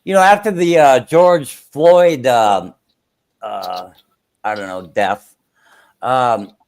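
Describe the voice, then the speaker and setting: A man's voice: medium pitch, slow pace, darkish tone. A man chatting casually on a stream, hesitant and full of fillers. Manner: hesitant, filler-heavy, chuckling. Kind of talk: casual chat.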